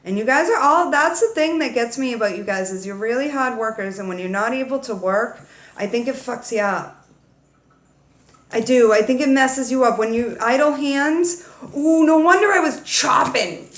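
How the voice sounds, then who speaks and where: A woman's voice: fairly high pitch, moderate pace, reverberant. Slangy, swearing woman tarot reader. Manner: playful, slangy, swears freely, talks straight to viewers. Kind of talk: casual tarot reading.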